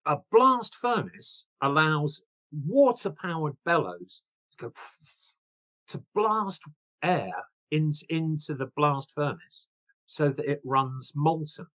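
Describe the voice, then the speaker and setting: A man in his sixties, an author guest, telling his story in an animated, chatty way and laughing at himself. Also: a little high, highs cut off. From England. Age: 60s. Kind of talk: casual interview chat.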